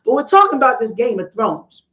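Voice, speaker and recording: A woman hosts a casual history live stream, greeting her chat as she goes. Her voice sits fairly high and bounces between excited peaks and low asides. The sound is dull and lo-fi. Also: a little fast. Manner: animated, chatty, greets viewers in the chat.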